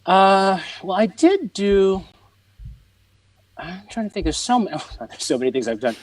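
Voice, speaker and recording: A man with a high, bouncing voice tells stories on a podcast, jumping between bright excited bursts and hushed quoted lines as he acts out each moment. The sound is close and dry, with no room around it. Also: unhurried, no echo, poor audio. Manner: animated, acts out quotes with big swings. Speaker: guest, comedian. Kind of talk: conversational storytelling.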